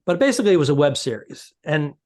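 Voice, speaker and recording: A man co-hosting a comedy podcast in casual chat, telling a halting story and repeating his words. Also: a little high, very animated, darkish tone.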